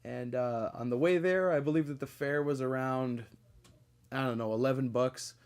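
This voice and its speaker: A man's voice: mid-range voice, moderate pace, darkish tone, clean tone. Rambling, profane podcast host, a man. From Connecticut. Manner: profane, rambling, with frequent fillers and laughs. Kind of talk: casual storytelling monologue.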